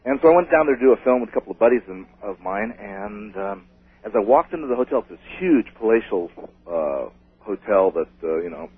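Fast-talking husky man on a phone line. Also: fairly low pitch, slight background noise. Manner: rambling, excitable storytelling. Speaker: caller. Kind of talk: telling a ghost story on a call-in show. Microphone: telephone.

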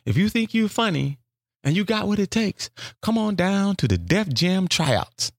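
A radio announcer calling people to a comedy tryout, pitched up and stretched out slowly, as a man puts him on. He reads it like a commercial. The sound is dry and close. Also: very animated, no echo, heavily acted. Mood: announcing. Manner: slow, drawn-out ad reading.

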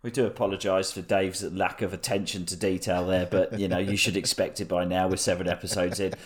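A man's voice: sits low, little pitch movement, fairly quick. A man teasing his friends in a dry way and moving the gaming podcast along. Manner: dry, teasing, steers the show. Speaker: podcast co-host. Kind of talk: casual banter among friends.

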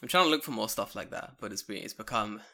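A young man hosting a podcast, chatting casually, excitable, swearing freely and laughing often. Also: lowish voice, fast talker. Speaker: podcast host. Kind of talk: casual chat.

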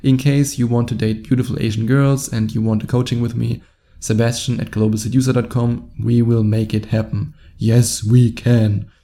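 A man with a German accent talks in a loose, rambling monologue, chuckling between phrases. His voice is very dark and mellow, pitched at an ordinary middle. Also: flat delivery, brisk. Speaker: dating coach. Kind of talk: casual podcast monologue.

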